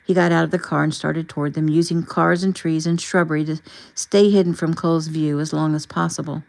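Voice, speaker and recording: A woman narrating an audiobook in an even, plain reading style. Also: sits low, fairly quick, vocal fry, rough recording.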